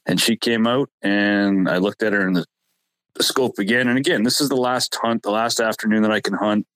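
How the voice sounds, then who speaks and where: Male host, lower register, relaxed rambling storyteller who keeps correcting himself. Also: fairly quick, no room sound, rough recording. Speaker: podcast host telling a hunting story. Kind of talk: casual storytelling chat.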